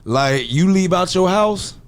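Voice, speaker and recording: A man, talking as an interview guest in a relaxed, slangy storytelling way. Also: high-pitched, a little slow. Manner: laid-back, storytelling, slangy. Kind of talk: casual interview talk.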